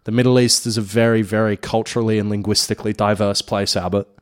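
A man's voice: fairly low pitch, flat delivery, quick pace. A man co-hosting a radio show, bantering casually in a dry, teasing way into a studio mic. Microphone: studio mic with headphones.

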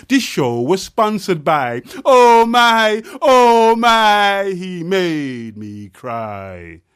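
A man performing spoken-word poetry, chanting repeated refrains and swinging between hushed low lines and loud outbursts.

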